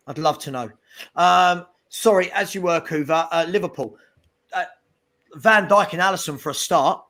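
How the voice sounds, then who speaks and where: Male co-host, fan livestream, lively and slightly higher-pitched. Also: moderate pace. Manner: animated, calls out trolls in chat. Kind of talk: casual fan chat.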